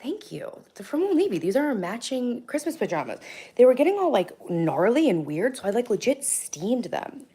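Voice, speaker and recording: A woman's voice: on the high side, very animated, moderate pace, breathy edge. A hungover woman in her thirties chatting bluntly on a live stream from her kitchen, reading out and answering comments. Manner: chatty, blunt, swings between loud and soft, reacts to chat. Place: home kitchen.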